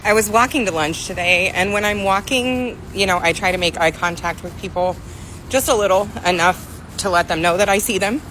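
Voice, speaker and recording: A woman's voice: medium pitch, normal speed, a bit bright, slight background noise, low-quality recording. Woman telling a story outdoors. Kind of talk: storytelling social media video.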